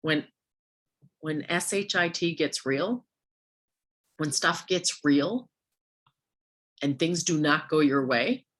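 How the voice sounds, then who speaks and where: A woman with a hoarse, worn-out voice giving a motivational coaching talk to a sales team, firing off rhetorical questions at her listeners. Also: low voice, slow pace, long pauses, fairly bright tone.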